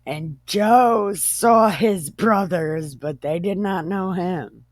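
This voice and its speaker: Slow-talking woman retelling Bible stories. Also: on the low side, no room sound. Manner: profane, joking, laughs often. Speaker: host, Bible storyteller. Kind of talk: irreverent casual Bible retelling.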